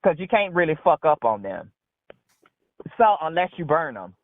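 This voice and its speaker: A woman's voice: low-pitched, big pitch swings, normal speed, dry recording. A woman calling in to a talk show, telling a rambling story bluntly and with heavy profanity. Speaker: caller. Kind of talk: casual phone-in storytelling. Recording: dry tinny phone line.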